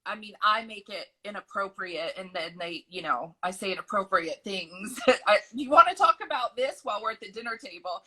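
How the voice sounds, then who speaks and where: A woman's voice: mid-range voice, normal speed, pushed and bright, poor audio. A woman in her forties, a mother of a large family, answering interview questions in a candid, rambling way and laughing often over a video call.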